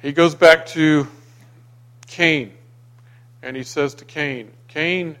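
A man preaching a sermon, dramatic, going from loud emphasis to hushed near-whispers and reading scripture aloud with acted voices. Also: fairly high pitch, fairly even intonation, slow, pauses often. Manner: reads scripture aloud and acts out the quoted voices.

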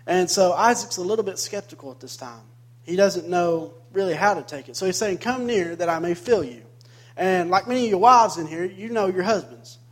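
A male pastor preaching a sermon, retelling a scripture story with joking asides and rising emphasis. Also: sits high. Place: church sanctuary.

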